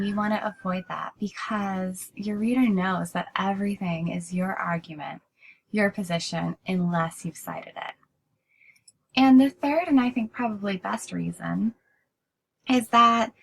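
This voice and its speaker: A woman's voice: medium pitch, poor audio. A woman teaching a writing class in a recorded lecture, explaining steadily and often restarting with "so".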